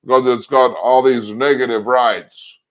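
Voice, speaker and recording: A man co-hosting a casual political chat, telling long rambling stories with animated asides. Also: mid-range voice, unhurried, muffled recording. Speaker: co-host.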